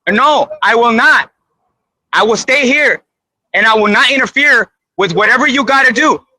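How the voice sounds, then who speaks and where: A man's voice: very high voice, moderate pace, sharp tone, no room sound, poor audio. A man in a roadside standoff, frightened and crying, pleading over and over that he is no threat. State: crying, shaken. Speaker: citizen filming a police stop. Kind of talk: pleading confrontation on camera. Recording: played video clip.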